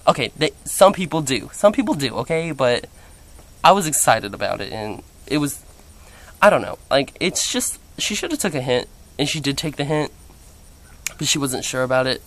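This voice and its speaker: Young man, casual vlog storyteller, chatty and animated, heavy filler words. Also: medium pitch, normal speed. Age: young adult. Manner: quotes others in playful voices. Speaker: vlogger.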